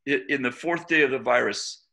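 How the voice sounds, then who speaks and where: Gravelly, bright-voiced male preacher. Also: mid-range voice, brisk. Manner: conversational storytelling with many fillers and restarts. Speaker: church leader. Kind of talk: informal preaching to a church group.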